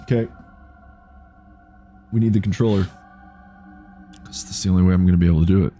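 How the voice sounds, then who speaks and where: A man's voice: low voice, steady tone, a little fast, warm tone, soft background music. A man with a Canadian accent streaming a game, chatting and thinking aloud as he reads on-screen prompts. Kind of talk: live gameplay commentary.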